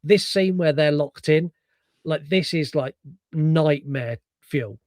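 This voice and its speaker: A man co-hosting a podcast, chatting casually about a film, animated and profane, acting out lines from it. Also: on the high side, slow pace, dry recording, studio quality. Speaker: podcast co-host. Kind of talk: casual film review chat.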